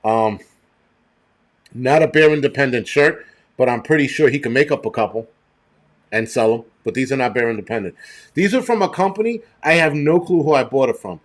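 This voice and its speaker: A man's voice: medium pitch, brisk. Middle-aged male streamer, profane, rambling, chatty livestream commentary. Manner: rambling and profane, thanks chat viewers. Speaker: show host.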